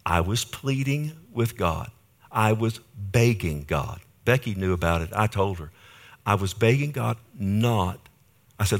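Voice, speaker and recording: A middle-aged male pastor preaching a sermon, telling a personal story and acting out the voices of people he quotes. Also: a little slow. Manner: storytelling, quoting others with lively swings of pitch and volume.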